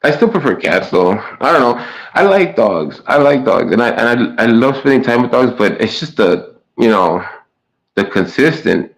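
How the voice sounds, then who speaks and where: A man's voice: medium pitch, very animated, normal speed, poor audio. A man streaming live and chatting casually with his viewers, stumbling over his words and trading sarcastic jabs with chatters.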